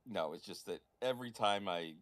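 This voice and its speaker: A man's voice: on the low side, moderate pace, fairly bright tone. An American man, the game master, chatting casually out of character with his players in a wry, blunt way and swearing freely. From United States. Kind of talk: casual out-of-character table chat.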